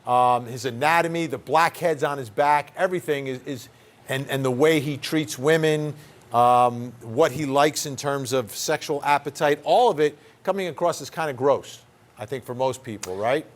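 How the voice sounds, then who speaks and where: A man's voice: medium pitch, moderate pace. A man hosting a legal news show, asking probing questions with frequent stammered restarts. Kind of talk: news talk interview.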